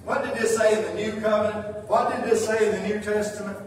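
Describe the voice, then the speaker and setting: A man with a high voice preaches a sermon in a church. His voice rings through a big, echoey hall and comes from some distance off the mic. He speaks with emphasis and acts out the voices he quotes. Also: fairly even intonation, fairly quick, few pauses, a little hiss or hum. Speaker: pastor. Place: church sanctuary.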